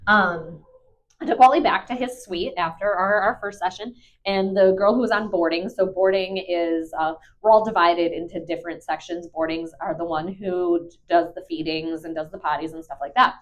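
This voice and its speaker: A woman's voice: on the low side, steady tone, moderate pace. A young woman, a dog trainer, chatting casually and bubbly with many fillers into a clip-on mic. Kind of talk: casual vlog chat.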